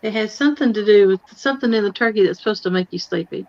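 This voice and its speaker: A woman's voice: mid-range voice, racing, darkish tone. Casual woman host, easygoing and chatty, recorded a bit muffled and lo-fi. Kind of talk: casual chat. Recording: slightly dull sound.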